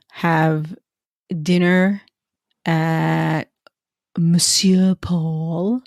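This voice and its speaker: Woman co-host, casual animated storyteller, dry booth sound. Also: deep voice, creaky, dry recording. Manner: chatty, animated storyteller, laughs often. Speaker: podcast co-host. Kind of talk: casual chat.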